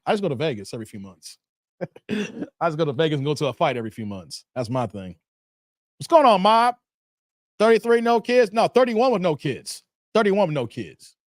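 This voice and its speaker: Brief: animated male streamer, high bouncy voice, dry close sound, keeps laughing and ribbing his chat from a home basement setup. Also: dry recording. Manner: animated, joking, laughs often, talks back to chat. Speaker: livestream host reading viewer chat. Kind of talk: casual livestream chat.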